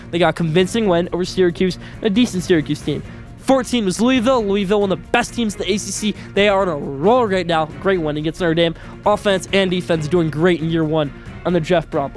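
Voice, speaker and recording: A young man hosting a solo sports podcast, giving blunt, opinionated rapid-fire picks. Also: sits high.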